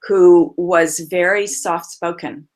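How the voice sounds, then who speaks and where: A woman's voice: fairly low pitch, fairly even intonation, slow, darkish tone. A woman voice coach, a guest on a remote call, telling client stories expressively with frequent laughs.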